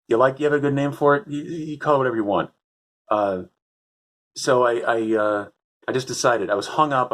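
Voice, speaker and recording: Rambling wry man hosting a talk show. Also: on the low side. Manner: rambling, self-interrupting, wry. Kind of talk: casual unscripted intro and chat.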